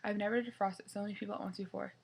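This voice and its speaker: A woman reading the part of a lonely snow queen in a storybook, her voice shaky and husky. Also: mid-range voice, fairly even intonation, rapid-fire. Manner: shaky and soft.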